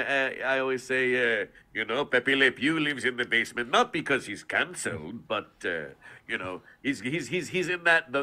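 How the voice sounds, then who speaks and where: A man's voice: mid-range voice, pushed and bright. A man, a voice actor, chatting in a casual interview; he talks animatedly and laughs often. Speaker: voice actor guest.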